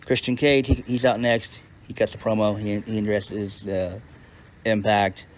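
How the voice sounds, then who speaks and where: A man's voice: lowish voice, flat delivery, measured pace. A man giving a casual, unscripted recap as a reviewer, blunt and profane, often restarting his sentences. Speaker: wrestling show reviewer.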